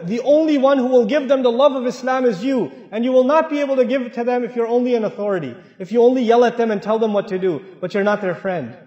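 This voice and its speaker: A man giving an earnest, conversational sermon to a mosque audience, moving between loud emphasis and quiet asides. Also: very high voice. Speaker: Islamic speaker. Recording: echoey hall, dull lo-fi sound.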